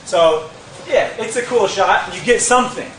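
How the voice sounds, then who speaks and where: A man teaching a martial arts move in a lively, demonstrative way, with sound effects, recorded from a distant camera. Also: sits high, moderate pace, slight background noise. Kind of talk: casual instructional demonstration. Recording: echoey gym from far off with crowd.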